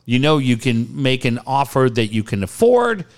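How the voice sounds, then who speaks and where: A man in his forties hosting a talk radio show, telling blunt, animated stories with swearing and reading ads. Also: medium pitch, normal speed. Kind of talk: casual sports talk and live ad reads.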